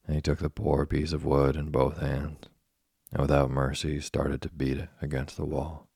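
A man reading a classic children's story aloud as a slow, soft, monotone sleep story. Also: rumbling low, vocal fry, slightly rough, dry recording, studio quality. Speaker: narrator. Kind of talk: scripted sleep story narration.

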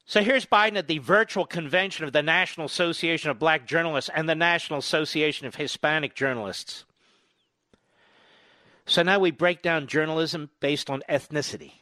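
A male talk radio host delivering a combative, sarcastic political monologue full of rapid-fire rhetorical questions. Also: fairly high pitch, bright, forceful tone, no room sound, studio quality.

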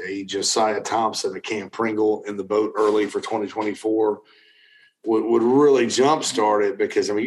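A man's voice: on the low side, a little hiss or hum, poor audio. A middle-aged man hosting a casual talk show, answering viewer questions in a rambling way with many restarts and fillers. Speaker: recruiting analyst host.

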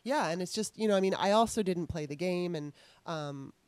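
A woman's voice: on the low side, fairly quick, a little mellow, dry recording. A middle-aged woman interviewer telling candid stories in a rambling, restarting way. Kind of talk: casual interview storytelling.

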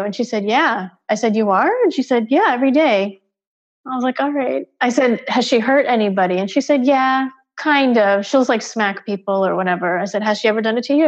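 Woman, interviewed parent, candid storyteller, acts out quotes, filler-heavy, muffled recording. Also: mid-range voice. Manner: animated, acts out quoted dialogue, many fillers. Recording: dull, muffled sound.

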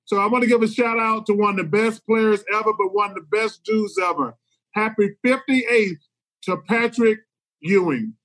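A man co-hosts a sports podcast, boisterous and quick to joke. His voice runs well above the usual male pitch. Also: fairly bright tone, poor audio. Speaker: co-host. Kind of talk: casual podcast chat.

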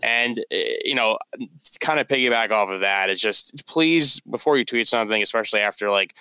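A man co-hosting a podcast, speaking earnestly and haltingly with many fillers. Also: on the low side, bright, forceful tone, smooth, no echo, low-quality recording. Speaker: podcast co-host. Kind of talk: casual podcast chat.

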